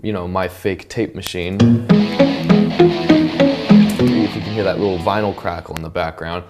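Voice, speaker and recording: Male songwriter, lively studio breakdown, hums and laughs, loud music underneath. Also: sits low, normal speed. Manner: animated, hums and sings snippets, laughs often. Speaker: songwriter and producer. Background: loud music playing.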